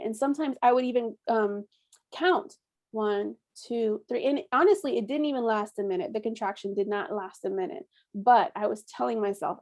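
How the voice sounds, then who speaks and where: A young woman with a somewhat high voice tells her story as a workshop host. She talks in a chatty, animated way, acts out what people said, and laughs often. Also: normal speed, dull audio. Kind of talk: casual storytelling.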